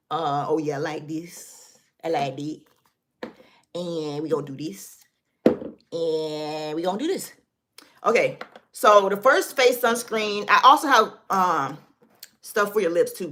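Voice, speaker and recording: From her desk, a woman runs a casual beauty livestream, chatting loosely, reading viewers' comments and speaking straight to them. Her voice is fairly low and fairly bright, with slight background noise behind it.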